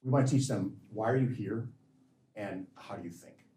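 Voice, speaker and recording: A man's voice: lowish voice, normal speed, warm tone, distant mic, a little hiss or hum. Rambling man answering questions in an echoey hall. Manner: rambling, self-interrupting, repeats words. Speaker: physician giving a lecture. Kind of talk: lecture Q&A answer.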